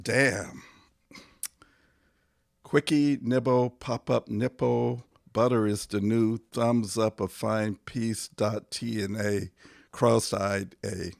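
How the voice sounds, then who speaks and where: A man, a poet, reading his own poems aloud in a measured, deliberate way, pausing between phrases, his voice going hoarse. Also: fairly low pitch, steady tone, no room sound, studio quality. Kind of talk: poetry reading.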